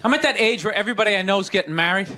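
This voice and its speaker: A man doing a stand-up comedy routine, ranting in an exasperated way and breaking into mocking voices. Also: rapid-fire. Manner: ranting, exasperated, jumps into high mocking voices for quoted people. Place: comedy stage before a laughing audience. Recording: live stage mic with crowd laughter and noise.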